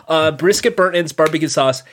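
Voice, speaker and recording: A man's voice: fairly high pitch, slight background noise. A man on a casual podcast reading through menu items, chuckling now and then. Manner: reads menu items in a relaxed list, chuckling. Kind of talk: casual chat.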